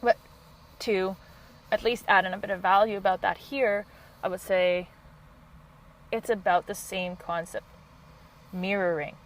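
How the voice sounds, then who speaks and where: A woman coach hosting a solo podcast, talking in a passionate, quick and high-energy way. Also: steady tone, poor audio. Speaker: podcast host and couples coach.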